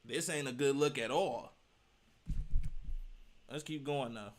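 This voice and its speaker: A man's voice: mid-range voice, slow pace. A man giving casual reaction commentary, emphatic and slangy, firing off rhetorical questions and repeating his points. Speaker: streamer reacting to a video.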